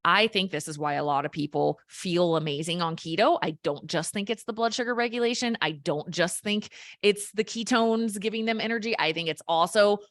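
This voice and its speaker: A woman health coach explaining things simply in an energetic, casual chat, as a guest. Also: medium pitch, fairly quick, no echo.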